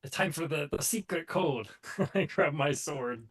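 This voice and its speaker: A man's voice: on the high side, animated, unhurried, fairly bright tone, husky. A man playing his character in a casual tabletop game, joking and laughing often. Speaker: player.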